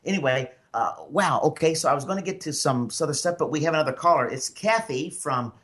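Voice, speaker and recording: A man's voice: fairly high pitch, animated, brisk, fairly bright tone. A man from Memphis with a Southern accent, hosting a call-in radio show as a psychic medium and telling stories in a rambling way with many fillers. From Memphis, Tennessee.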